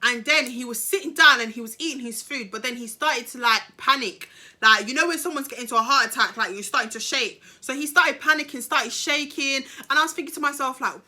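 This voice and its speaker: A young woman, telling a story to camera in a casual, animated, slangy way. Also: sits high, brisk. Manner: chatty, animated, slangy, swears. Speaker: storytime vlogger.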